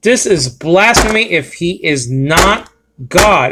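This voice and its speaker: A man's voice: high voice, animated, takes it slowly, background noise. A man teaching a Bible lesson, walking through Greek words on screen, emphatic and repetitive with frequent "okay?" check-ins.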